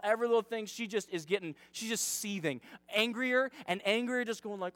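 Male youth pastor, casual sermon, high voice, dry close sound. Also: fairly even intonation, brisk, few pauses, fairly bright tone, clean tone, no echo. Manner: chatty, dramatizing, self-deprecating.

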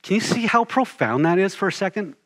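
A man delivering a sermon with an earnest, steadily building cadence. His speaking voice sits on the high side for a man, and he drives his points home by repeating short phrases. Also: animated, fairly quick. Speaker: preacher.

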